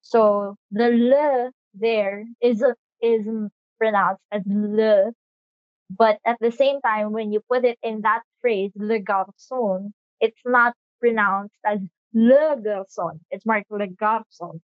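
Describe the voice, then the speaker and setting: A woman's voice: a little high, steady tone, slow, no echo, muffled recording. A woman adding to a classroom presentation on phonetics, hesitant with many fillers.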